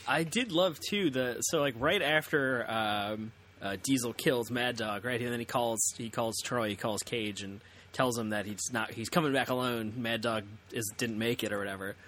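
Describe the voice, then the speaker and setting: Bright-voiced young man, easygoing co-host. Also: mid-range voice, normal speed, a little hiss or hum. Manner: easygoing, agreeable, laughs while recounting. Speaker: podcast co-host. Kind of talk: casual chat.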